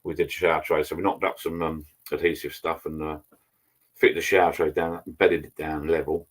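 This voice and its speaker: Middle-aged man, very low voice, loose rambling live-stream host. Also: little pitch movement, normal speed. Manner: rambling, chatty, greets viewers by name. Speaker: channel host. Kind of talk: casual live-stream chat. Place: home garden bar. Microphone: laptop.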